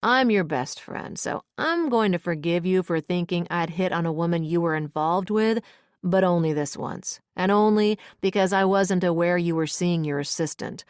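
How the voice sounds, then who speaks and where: A woman voicing a calm, reasonable male executive with a measured, wry way of talking. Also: on the low side, smooth, dry recording, clean studio sound, natural voice.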